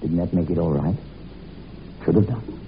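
A man's voice: low voice, moderate pace, lightly acted. A man acting in a 1940s radio drama as an earnest suitor, reassuring and pleading. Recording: dull old radio recording, faint hiss, off-mic.

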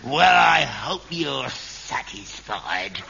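An actor playing a selfish, scornful older working-class father, speaking slowly in a gravelly, scoffing way in a sitcom. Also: medium pitch, very animated, pushed and bright, heavily acted. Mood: self-pitying. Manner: slow gravelly scoffing delivery. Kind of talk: 1960s-70s TV sitcom acting. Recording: dull old TV recording, faint hiss.

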